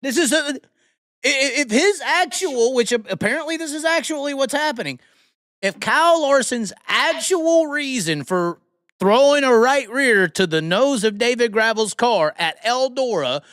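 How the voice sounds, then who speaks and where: A man hosting a live stream, talking racing in a profane, animated, laughing casual chat. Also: extremely high pitch, moderate pace, no room sound, studio quality. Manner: animated, swears constantly, laughs often. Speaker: podcast host.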